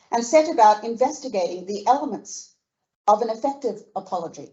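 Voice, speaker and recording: An older Australian woman speaks in a measured, earnest tone, reading a prepared speech and leaning on each point she lists. Her pitch sits in the middle. The sound is dull and muffled, like audio from an event livestream. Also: warm tone. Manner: measured, earnest delivery with emphatic list points. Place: museum function room.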